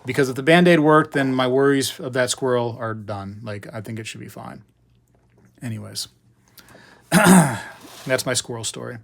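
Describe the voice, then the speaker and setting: A middle-aged man spins a casual, meandering story on a live stream, full of asides and fillers. His voice sits at an ordinary middle pitch and rises loud and high at the exciting moments. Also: measured pace, gravelly, long pauses. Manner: chatty, digressive, lots of fillers and asides. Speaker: host of a live hobby show.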